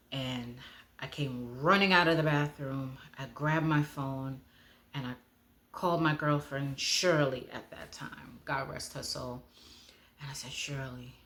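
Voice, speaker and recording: A woman telling her personal testimony at a slow, deliberate pace. She speaks from the heart and often lowers her voice to a near hush.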